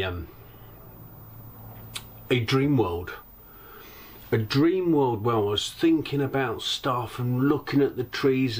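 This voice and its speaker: A man's voice: medium pitch, a little hiss or hum. A middle-aged man vlogging about life on a narrowboat, telling rambling anecdotes and acting out other people's lines. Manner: chatty, rambling, acts out quoted voices. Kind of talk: casual storytelling monologue.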